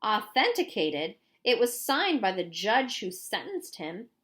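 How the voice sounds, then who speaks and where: A woman reading an audiobook voices a short, fierce Hispanic female lawyer with a slight Mexican accent and trilled R's, talking in a forceful, indignant way. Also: mid-range voice, very animated, measured pace, voice pushed up.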